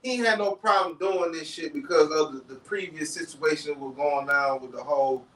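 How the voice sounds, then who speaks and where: A man with a notably high voice talks through a podcast in loose, animated chat, circling back to "you know what I'm saying" again and again. He sits back from the mic, so his voice rings with a roomy echo. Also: fairly quick, distant mic. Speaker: podcast co-host. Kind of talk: casual chat.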